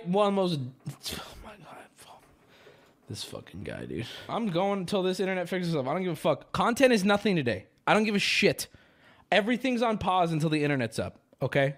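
A man's voice: fairly high pitch, fairly bright tone. A man hosting a livestream, chatting casually to his audience in a profane, ranting, sarcastic way and drifting into rambling stories. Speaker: livestream host.

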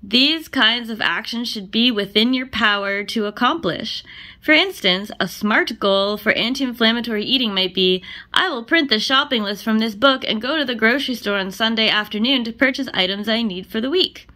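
A woman's voice: a little high, normal speed, pushed and bright. A woman vlogging at home, chatting to the camera as she moves between rooms, laughing often and poking fun at herself. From Canada. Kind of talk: casual vlog chat to camera.

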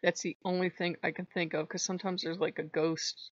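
A woman vlogging in casual chat, telling a story in an animated, exasperated way with frequent laughs. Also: on the low side, brisk, no echo, highs cut off. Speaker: vlogger on a spirituality channel.

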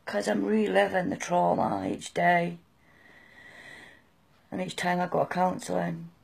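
Middle-aged British woman, very gravelly, husky voice, halting and emotional, candid personal testimony. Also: lowish voice, steady tone. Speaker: person sharing her experience.

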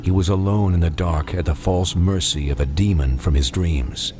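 A man narrating a dark audiobook in measured, dramatic storytelling. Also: low voice. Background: music.

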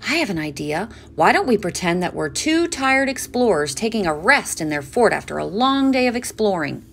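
A woman reading a gentle, playful dad. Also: mid-range voice, sing-song, moderate pace, gravelly, slight background noise.

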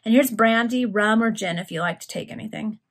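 A woman voicing a gruff, growling male villain in an informal read-aloud among friends. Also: on the high side, fairly quick. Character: gruff menacing male villain, body-snatcher.

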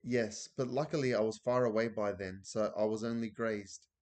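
A man's voice: fairly low pitch, steady tone, moderate pace, darkish tone, close to an everyday voice. A man reading aloud as an elderly grandmother who tells a thrilling adventure story breathlessly.

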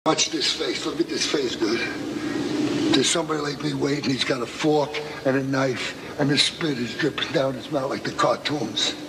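A man's voice: medium pitch, moderate pace, creaky, natural voice. A man acting out a crude, threatening male prison inmate who growls coarse threats. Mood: menacing. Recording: loud background noise.

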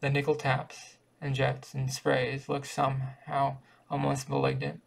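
A man reading a short story aloud in an even, careful way, now and then stumbling over a word. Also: medium pitch, measured pace, vocal fry. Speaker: reader.

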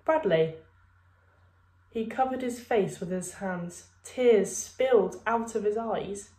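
A woman teacher reading a children's storybook aloud in a clear, measured way. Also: mid-range voice, warm tone, echoey room.

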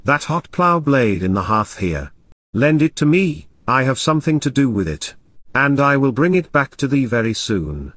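A man's voice: medium pitch, big pitch swings, moderate pace, fairly bright tone, dry recording. A man reading as a lovesick young clerk. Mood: wooing. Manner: pleading, flowery endearments. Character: lovesick young male parish clerk, foolish.

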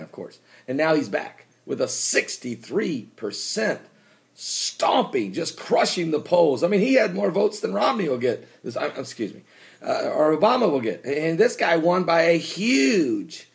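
Emphatic gravelly preacher-host. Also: male voice, on the high side. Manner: emphatic, with sudden shouted bursts. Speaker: host of a prophecy commentary show. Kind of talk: animated preaching commentary.

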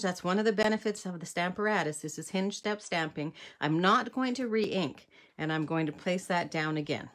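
A middle-aged woman from Canada leading a live card-making demonstration, chatty and thinking aloud as she works, often correcting herself. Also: mid-range voice.

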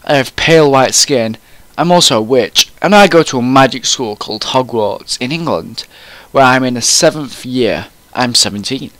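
A man's voice: medium pitch, lively intonation, moderate pace, a bit bright, no echo. A man reading a fan story aloud in a comic, mock-serious way, often breaking into laughter.

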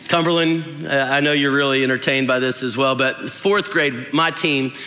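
A man's voice: medium pitch, fairly even intonation, moderate pace, sharp tone. A young adult male pastor preaching a sermon, telling a self-mocking story and joking with the congregation. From West Texas. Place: large church auditorium. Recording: long hall reverb in a large church.

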